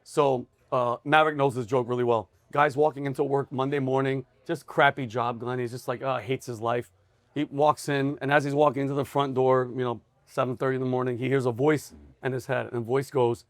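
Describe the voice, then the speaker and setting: A man hosting a casual diner chat, telling jokes and stories in an animated way. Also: medium pitch, brisk, dry recording. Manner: animated storyteller, breaks into laughter. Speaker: comedy show host.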